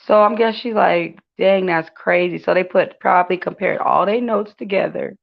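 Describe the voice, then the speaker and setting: A woman's voice: mid-range voice, moderate pace, gravelly. A woman hosting a casual celebrity gossip commentary, chatty and full of fillers, talking to her viewers as y'all. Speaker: gossip channel host. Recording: dull lo-fi sound.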